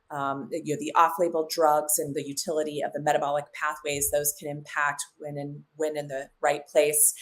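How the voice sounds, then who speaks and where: A woman speaking as a guest on a podcast interview, heartfelt and fluent, with eager lists of what she loves. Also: low voice. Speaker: naturopathic oncologist, guest.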